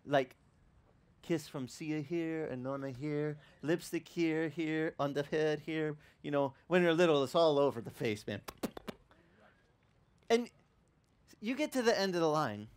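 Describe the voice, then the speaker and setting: A male pastor preaching a sermon, telling stories with many restarts and acting out the people he quotes. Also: fairly high pitch. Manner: animated storytelling, acting out quoted voices; halting, with frequent restarts.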